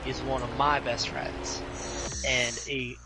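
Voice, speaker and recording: A man's voice: mid-range voice, slow pace. A man hosting a hall of fame ceremony, introducing inductees and presenters in a plain way. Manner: plain, flat delivery, some repeated words. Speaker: ceremony host. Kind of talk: announcing inductees. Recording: loud noise behind the voice.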